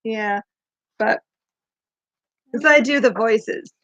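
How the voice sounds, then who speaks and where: Woman host, casual book chat, higher voice, chatty and eager, dry dull lo-fi sound. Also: takes it slowly, fairly bright tone, no echo. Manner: chatty and eager, laughs often. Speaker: podcast host.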